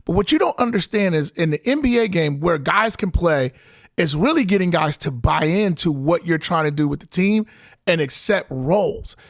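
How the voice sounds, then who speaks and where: A man co-hosting a casual sports podcast, animated and quick to laugh. His voice sits high with a gravelly fry on the words. The sound is dry and close. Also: dry recording. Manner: animated, laughing, talks over his partner. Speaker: podcast co-host.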